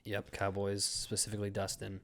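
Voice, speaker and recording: A man's voice: lowish voice, completely flat delivery, a little fast, fairly bright tone. A young man co-hosting a casual sports podcast, blunt and joking, with slangy banter. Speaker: podcast co-host.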